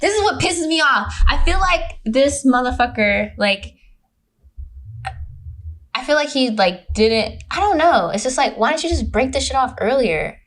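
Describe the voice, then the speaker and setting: A young Californian woman with a high voice appears as a podcast guest, casually recounting a dating story at a measured pace. She's an animated storyteller who swears freely and acts out the quotes.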